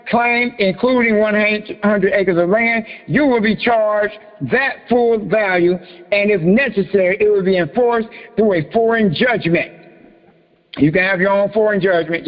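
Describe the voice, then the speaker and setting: A man with a high voice hosts a private group talk, cracking crude jokes and laughing before reading a document line by line. His voice rings with a long reverb. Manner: joking, profane and laughing, then reading out a form letter. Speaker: host of a private group meeting. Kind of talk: casual teaching talk.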